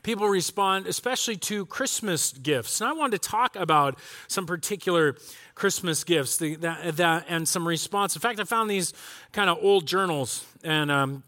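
Male pastor, middle-aged, bright and slightly high voice, chatty joking sermon delivery. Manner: chatty, joking, acts out reactions. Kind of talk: casual sermon.

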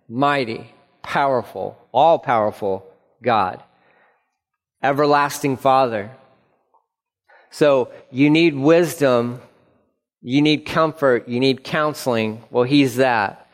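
Earnest pastor preaching in a reverberant hall. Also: male voice, mid-range voice. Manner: earnest, repeats phrases for emphasis, acts out quoted dialogue. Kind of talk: sermon. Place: church sanctuary. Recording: long reverb of a church hall.

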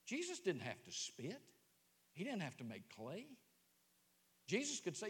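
A pastor delivers a sermon in a high, lively voice that leaps up and down. He keeps quizzing the congregation with rhetorical questions. His words ring out with a long church reverb. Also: normal speed, pauses often, slightly rough. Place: church sanctuary.

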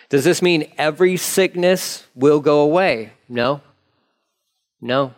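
A man's voice: on the high side, slow pace. A man preaching a sermon in a candid, conversational way, acting out prayers as he talks. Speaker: pastor.

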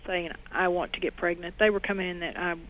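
A woman's voice: fairly low pitch, fairly even intonation, brisk, fairly bright tone. A middle-aged woman, a guest on an interview show, earnestly telling a personal story and quoting others. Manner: earnest testimony, quotes others in raised voice. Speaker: guest, former clinic owner. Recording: dull lo-fi audio with faint noise.

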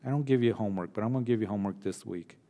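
A man preaching a sermon as pastor, earnest, dropping to hushed tones and then rising to emphatic points. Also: on the low side, rapid-fire, long reverb tail.

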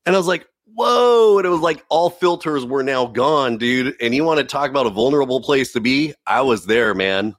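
A man's voice: medium pitch, brisk, few pauses, a bit bright, no echo, studio quality. A man giving an earnest, emotional faith testimony as a podcast guest, often saying "dude". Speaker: preacher.

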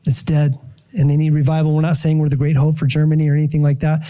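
Middle-aged pastor guy telling a story in his sermon, warm mellow voice, acts out his own prayers all animated. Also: a little high, rapid-fire. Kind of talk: sermon testimony.

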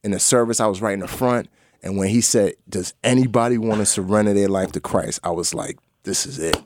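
Low-voiced man telling his testimony. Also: fairly quick, no room sound, clean studio sound. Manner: earnest storytelling, voice drops low and soft at emotional moments. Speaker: guest. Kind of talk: personal testimony in a podcast interview.

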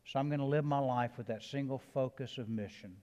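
A man's voice: mid-range voice, brisk, dark tone, big-room sound. A man with a Southern accent, a pastor preaching a sermon with emphatic builds and casual conversational asides. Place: church sanctuary.

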